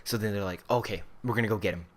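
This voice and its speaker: Rapid-fire and lowish in pitch, this young vlogger in his late teens rambles through a story, his casual delivery packed with "like" and other fillers.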